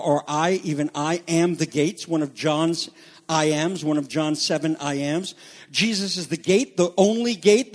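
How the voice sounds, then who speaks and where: A man with a rather high voice delivers a sermon. He teaches in a calm, explaining tone with some stumbles and restarts, then builds to loud, drawn-out, shouted emphasis. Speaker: pastor.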